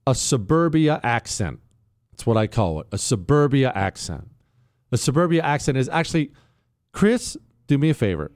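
A man's voice: a little mellow, no room sound. Sarcastic radio guy riffing, voice bouncing all over, dry studio sound. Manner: sarcastic, jumps to high mocking pitch. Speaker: radio show host. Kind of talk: casual talk radio commentary.

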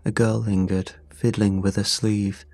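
Slow, low-voiced man narrating horror. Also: level tone, darkish tone, no room sound. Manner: slow, measured, grim delivery. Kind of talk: scripted horror story narration. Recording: dry close voice over faint music. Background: faint music.

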